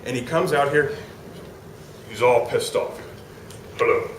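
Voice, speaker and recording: A man's voice: mid-range voice, a little slow, roomy sound, distant mic, slight background noise, poor audio. A man on a conference stage telling a funny anecdote, acting out the people in it and laughing as he goes. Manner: animated, acts out quotes, laughs while telling. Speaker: storyteller on stage. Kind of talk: live comic anecdote. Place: conference hall, live audience.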